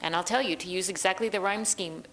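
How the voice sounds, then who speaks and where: A woman's voice: medium pitch, fast talker, fairly bright tone, low-quality recording. Talky woman librettist, easygoing, plenty of ums, mid-range voice. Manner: thoughtful, chatty, frequent ums and restarts. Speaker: librettist and translator. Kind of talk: conversational interview.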